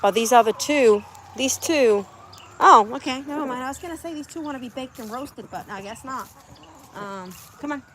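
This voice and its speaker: A woman's voice: high-pitched, expressive, moderate pace, fairly bright tone. A woman vlogging outdoors by her chicken coop on a phone camera, chatting and coaxing her birds inside. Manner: coaxing, talks to her animals. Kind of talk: casual vlog chat.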